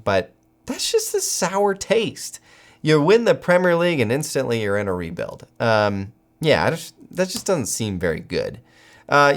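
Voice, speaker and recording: American man, football channel host, solo commentary, very lively intonation, animated. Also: medium pitch. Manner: animated, incredulous outbursts.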